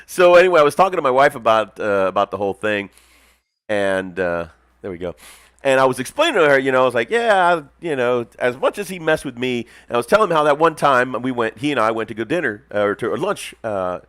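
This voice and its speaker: A man's voice: medium pitch, quick pace, no echo, studio quality. A man hosting a casual hobby livestream, telling stories in a loose, slangy way, often laughing and acting out the people he quotes. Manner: animated storyteller, acts out quoted voices. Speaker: hobby stream host.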